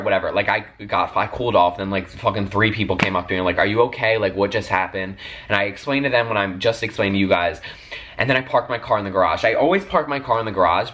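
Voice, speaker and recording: Young man ranting through a storytime vlog. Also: lowish voice. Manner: animated, swearing constantly, lots of filler "like" and "literally". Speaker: vlogger.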